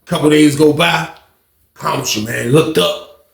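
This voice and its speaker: Gravelly man spinning a rambling story. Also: fairly high pitch, unhurried, echoey room. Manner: slangy, rambling, acts out shouts. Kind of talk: casual storytime.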